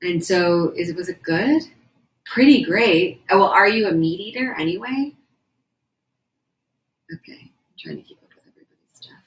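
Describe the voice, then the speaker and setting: A young woman hosts a casual livestream from indoors, with a voice sitting slightly low for a woman. She rambles in a chatty way and reads her viewers' comments aloud as she goes. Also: animated, normal speed, long pauses, rough recording. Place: indoors at a house.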